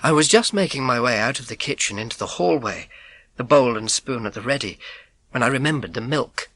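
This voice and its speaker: In a brisk, medium-pitched voice, a man narrates a children's audiobook in the first person. His telling is expressive and full of suspense.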